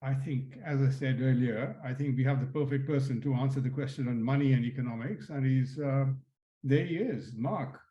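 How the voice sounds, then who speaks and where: Guy with a warm voice, echoey muffled call audio, brushing off the question. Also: medium pitch, normal speed. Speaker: guest author. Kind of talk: casual video-call reply. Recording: echoey, dull room sound.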